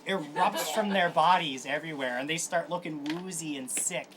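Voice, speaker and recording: A man running a tabletop game as game master, describing the scene quickly with many fillers. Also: fairly high pitch, a bit bright. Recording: noisy live stream.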